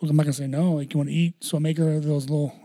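Fast, higher-pitched young podcast host, loose rambling storyteller. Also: male voice, flat delivery, dark tone. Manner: rambling storyteller, heavy on "dude" and "like". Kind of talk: casual podcast chat.

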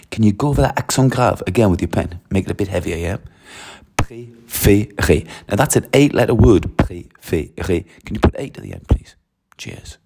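Male language teacher, low husky tone, repeated instructions and tag questions. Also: dark tone. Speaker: French teacher. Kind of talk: classroom-style teaching walkthrough.

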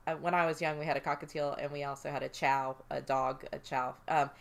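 Lower-voiced woman, laughing often. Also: little pitch movement, brisk, creaky. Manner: warm reactions, laughs often. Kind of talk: casual chat.

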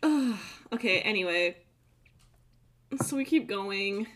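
A woman's voice: medium pitch, expressive, normal speed, fairly bright tone, a little hiss or hum. A young adult woman hosting a casual chat, retelling a film scene by scene in a profane, giggly way. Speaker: podcast host recapping a film.

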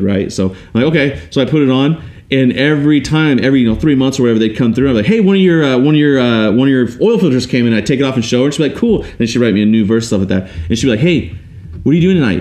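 A man's voice: mid-range voice, warm tone. A young man telling his life story on a podcast in a casual, rambling way, with many restarts and quoted voices.

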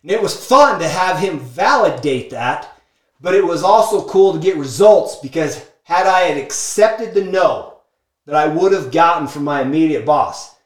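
A man telling a business story in an energetic, emphatic monologue, peppering his talk with "like" and "okay?". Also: on the high side, moderate pace. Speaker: speaker sharing business lessons from a book. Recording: echoey room.

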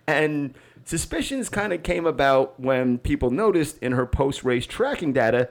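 A man co-hosts a casual comedy podcast. His pitch moves a lot, rising and falling as he tells a story. He jokes, swears and laughs often. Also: expressive, moderate pace, gravelly, few pauses. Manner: joking, profane storyteller who laughs often. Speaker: podcast co-host.

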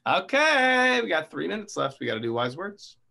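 A man co-hosting a podcast with his sister, joking, swearing and breaking into squeaky impressions. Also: very animated, moderate pace, vocal fry, pushed and bright. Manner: jokey, swearing, jumping between low mumble and squeaky impressions. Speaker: podcast co-host. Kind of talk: casual chat between siblings.

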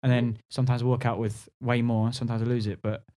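A man, chatting on a podcast at a middle pitch. He tells stories in a loose way and often teases his friends. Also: little pitch movement, quick pace, mellow. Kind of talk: casual podcast chat.

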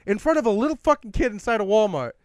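A young man on a podcast, telling stories in an animated way and swearing often. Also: high-pitched, fast talker, no room sound, studio quality. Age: young adult. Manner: animated storytelling, swears a lot. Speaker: podcast guest. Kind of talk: casual chat. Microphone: podcast mic.

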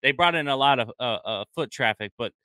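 Man, podcast guest, enthusiastic, casual chat, bright voice, dry sound. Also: mid-range voice, animated, a little fast, dry recording. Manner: enthusiastic, many restarts, says man a lot. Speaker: podcast guest, former restaurant employee.

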